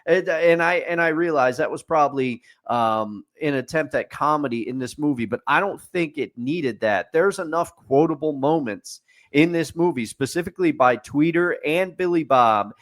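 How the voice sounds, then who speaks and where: A man's voice: fairly high pitch, moderate pace, a bit bright. A man co-hosting a casual sports podcast, opinionated and picking things apart point by point. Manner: opinionated, building lists with a repeated refrain. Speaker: podcast co-host.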